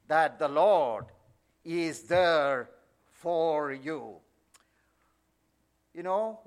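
A man's voice: high-pitched, fairly bright tone. A male preacher giving an emphatic sermon, often adding "you know".

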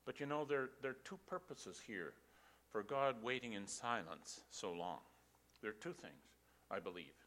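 A man's voice: medium pitch, bright, forceful tone. An older man preaching a sermon, telling a story emphatically and posing rhetorical questions to his congregation.

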